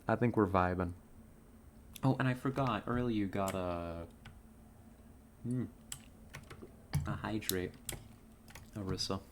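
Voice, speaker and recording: A woman's voice: a bass voice, slow pace, long pauses, a little hiss or hum. A woman from California streaming a game, chatting with viewers in a laid-back, giggly way on a headset mic. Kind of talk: casual live-stream chat.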